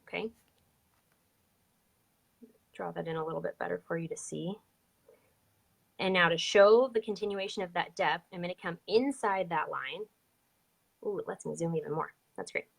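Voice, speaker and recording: A woman's voice: on the low side, normal speed, creaky, long pauses, breathy edge. Chatty woman teaching a drawing lesson. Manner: chatty, upbeat, explains step by step. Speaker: drawing instructor. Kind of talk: live online drawing lesson.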